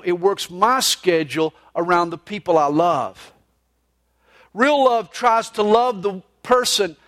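Pastor guy, high voice, preaching earnestly with punchy emphasis. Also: a bit bright. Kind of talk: sermon.

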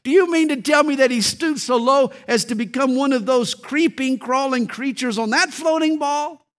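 A man's voice: extremely high pitch, moderate pace, fairly bright tone, voice pushed up. A man voicing a little young male angel who is scornful and puzzled, with a raised, incredulous delivery. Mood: disdainful.

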